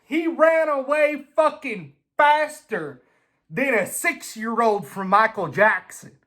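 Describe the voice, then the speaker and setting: A man telling a casual, swear-filled story in an animated way. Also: very high voice, takes it slowly. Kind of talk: casual anecdote.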